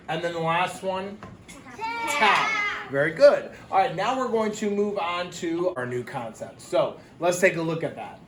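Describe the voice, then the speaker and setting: A man's voice: high-pitched, background noise. Man teaching phonics in an echoey room. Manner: sounds out letters slowly and clearly, encouraging. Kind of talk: phonics lesson for young children. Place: classroom.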